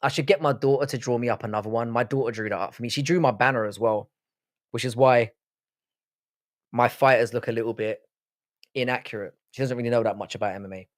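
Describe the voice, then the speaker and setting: A man's voice: mid-range voice, steady tone, fast, no echo. Dry-sounding London-accented man chatting on stream. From Britain. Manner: loose, sweary banter, repeats words to show how he says them. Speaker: live-stream host. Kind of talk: casual live-stream chat answering viewers.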